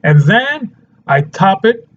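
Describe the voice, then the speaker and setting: Chatty man with a higher voice. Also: very animated, slow, muffled recording, a little hiss or hum. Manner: chatty, laughs often, keeps checking in with "okay?". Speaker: nutrition coach. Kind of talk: casual health talk to camera.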